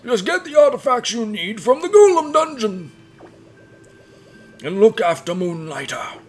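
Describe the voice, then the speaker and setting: A man voicing a gruff, stern old village elder in a strained, high old-man voice over faint game music. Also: very animated, a little slow.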